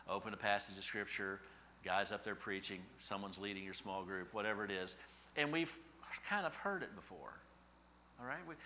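A man preaching a sermon in an animated, conversational style, building to emphatic high points. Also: slight background noise, rough recording. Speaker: pastor.

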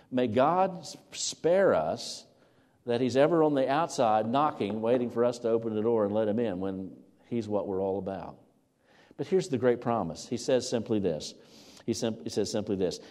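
A man preaching a sermon as pastor, earnest and building to loud emphatic peaks when quoting scripture. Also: fairly low pitch. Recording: long reverb of a large hall.

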